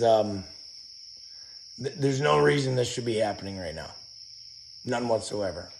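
A man hosting his own channel, venting outdoors in an angry, profane, shouting rant, his voice hoarse from yelling. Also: mid-range voice, slight background noise. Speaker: channel host.

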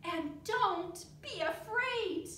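A woman voicing an excited little bug heroine. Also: extremely slow, a little hiss or hum, heavily acted. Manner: high, excited shouting storybook voice. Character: brave little girl insect heroine, quick-thinking. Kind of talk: reading a picture book aloud. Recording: echoey classroom from far off.

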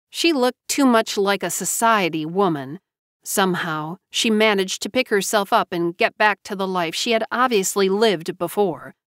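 A woman narrating a novel as an audiobook in a measured storytelling manner. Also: medium pitch, a bit bright, no room sound, studio quality.

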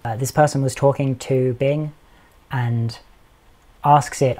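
A man hosting a casual podcast chat, explaining things in an animated way and quoting with dry amusement. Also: medium pitch, unhurried, pauses often. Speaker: podcast host.

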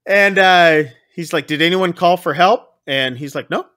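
A man casually recapping a film on a podcast, acting out the lines with big jumps in pitch. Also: unhurried, sharp tone. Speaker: podcast co-host. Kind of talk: casual movie recap chat.

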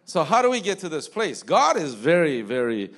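Man, pastor, sermon, lively pitch, conversational preaching, quoted asides. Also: moderate pace. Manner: animated preaching, mimics people in quoted asides. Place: church sanctuary.

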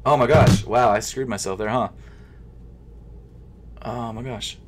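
A young man at a middle pitch talks to himself as he shops, nervous enough that he stutters. He flips from loud, exasperated outbursts to low mumbles under his breath. Keys clack in the background while he types. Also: unhurried. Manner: frustrated, muttering to himself, swings between loud outbursts and quiet mumbling. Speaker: sneaker vlogger. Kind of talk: casual live commentary while shopping online.

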